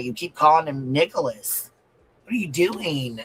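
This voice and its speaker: A man runs a commentary livestream in a bright, forceful voice. He is blunt and profane, reads viewer comments aloud, and says his points over and over for emphasis. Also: on the high side, moderate pace, breathy edge, rough recording.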